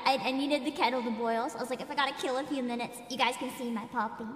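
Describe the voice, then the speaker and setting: High bubbly gamer girl streaming, bouncy voice all over the place, swears a lot. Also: quick pace, hardly any pauses, slightly rough, soft background music. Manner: excitable, giggly, swears freely. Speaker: VTuber streamer. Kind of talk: casual gaming livestream chat.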